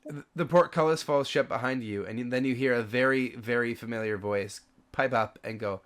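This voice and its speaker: A man's voice: medium pitch, moderate pace, fairly bright tone. Man game master, loose rambling narration, medium voice. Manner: casual, rambling with fillers.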